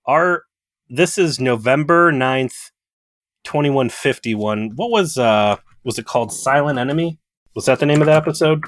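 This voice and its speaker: A man's voice: medium pitch, animated, normal speed, no echo, clean studio sound. A man co-hosting a casual podcast, riffing sarcastically with profanity. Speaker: podcast co-host. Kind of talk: casual chat.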